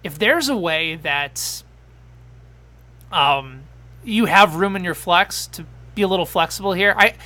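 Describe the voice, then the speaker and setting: A man hosting a live fantasy football talk show, excitable and quick in back-and-forth, reading out viewer questions. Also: high voice.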